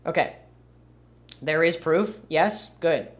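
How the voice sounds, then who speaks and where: A man's voice: a little high, takes it slowly. A young man streaming and commenting casually, with a rambling, sarcastic manner. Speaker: livestreamer.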